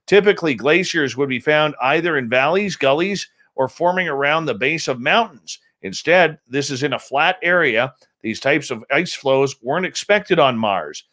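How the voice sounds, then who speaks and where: A man's voice: on the high side, fairly bright tone. A man hosting a radio show, casually reading news items aloud with small slips and self-corrections.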